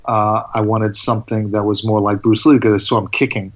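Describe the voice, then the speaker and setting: A man telling stories as a guest in a casual interview, rambling and animated, with restarts. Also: on the low side, a little fast. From United States.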